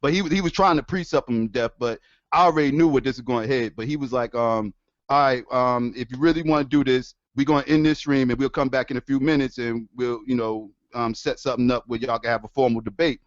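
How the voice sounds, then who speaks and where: A man ranting on his stream in a casual, profane, animated way, laughing often. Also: medium pitch, fast talker, dry recording. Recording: dull lo-fi dry sound.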